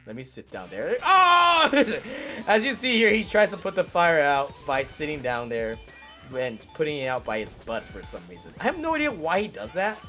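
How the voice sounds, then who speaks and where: A man's voice: a little high, very animated, normal speed, sharp tone, soft background music. A man giving casual gameplay commentary, rambling, swearing and laughing as he plays. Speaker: let's play host.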